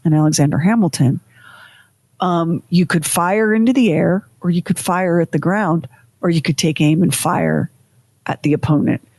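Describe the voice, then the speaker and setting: A woman's voice: lowish voice, a little mellow, dry recording. A woman co-hosting a podcast, telling history in casual chat with vivid, dramatic phrasing. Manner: dramatic, vivid storytelling with emphatic pauses. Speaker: podcast co-host.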